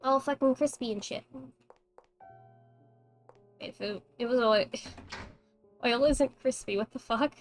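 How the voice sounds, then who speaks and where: A high-voiced young woman streams a horror game at an unhurried pace, muttering her thoughts and cursing casually. Faint game music plays quietly behind her. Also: low-quality recording. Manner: swears freely, thinks aloud. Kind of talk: casual gameplay commentary.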